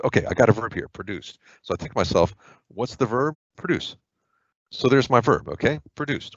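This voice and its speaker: A deep-voiced man talks through a grammar lesson like a relaxed tutor, loose and informal with plenty of fillers and asides. His voice sits very low, and the recording is dry, close and a little muffled. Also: dry recording. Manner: chatty and informal, with filler words and quick asides. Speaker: test prep tutor. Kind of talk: casual explanatory lesson.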